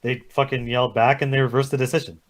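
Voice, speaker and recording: Quick-talking argumentative man. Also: medium pitch, flat delivery. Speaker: podcast co-host. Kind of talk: casual chat.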